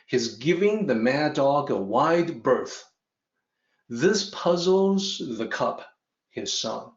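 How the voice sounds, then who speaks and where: A man teaching a lesson through a story in a measured, explanatory way. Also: medium pitch, very animated. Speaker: Tao teacher. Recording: roomy, dull lo-fi audio.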